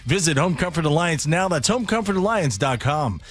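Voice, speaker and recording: Man, radio traffic report, a bit high-pitched, brisk, studio read. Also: lively intonation, fairly bright tone.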